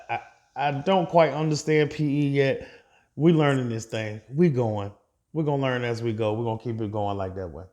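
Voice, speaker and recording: Man, casual vlog voice, chatty, talks straight to viewers, medium pitch. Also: warm tone. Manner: chatty, addresses viewers directly, laughs at own slips. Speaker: investing vlogger. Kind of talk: casual portfolio update.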